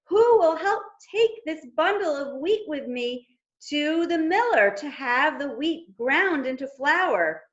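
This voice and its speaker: A woman's voice: high-pitched, expressive, takes it slowly, a bit bright, roomy sound, lo-fi sound, voice pushed up, full character voice. A woman putting on a pleading little red hen.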